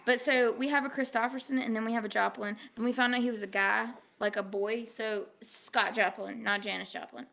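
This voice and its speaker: A woman with a notably high voice, chatting casually. She tells her story in an animated way, leaning on "like" constantly. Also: a little fast, gravelly, few pauses. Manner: animated storyteller, heavy use of "like". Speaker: guest telling a story. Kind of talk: casual chat.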